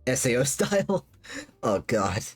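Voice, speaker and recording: A woman's voice: a bass voice, big pitch swings, unhurried, slightly rough. Woman streamer rambling to chat, voice jumps all over, bit of music behind. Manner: rambling, repeats words, many fillers. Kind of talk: casual chat with live chat.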